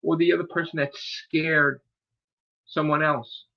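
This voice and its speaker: A man's voice: fairly high pitch, level tone, unhurried, muffled recording. A man hosting his own live stream, ranting in a heated, profane, scolding way. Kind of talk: angry live-stream rant.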